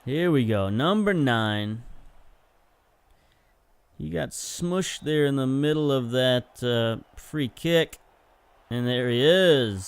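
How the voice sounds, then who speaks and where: Casual and talkative, a young man who makes gaming videos narrates highlights from a football management game play by play. He lights up at goal chances and revises his own remarks as he goes.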